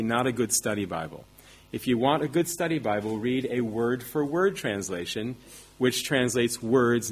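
A man's voice: mid-range voice, slightly rough. A man preaching a sermon, teaching emphatically with rhetorical questions and self-deprecating asides.

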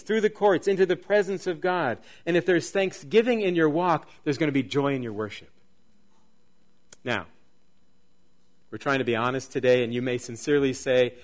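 A middle-aged man preaching a sermon, swinging from near-shouts down to a soft, low voice. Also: normal speed. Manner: dynamic preaching, rising to near-shouts then dropping soft. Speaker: pastor.

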